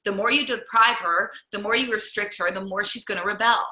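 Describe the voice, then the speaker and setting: Bright-voiced woman coaching on a group call. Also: mid-range voice, a little fast. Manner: chatty, encouraging, many fillers. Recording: roomy echo.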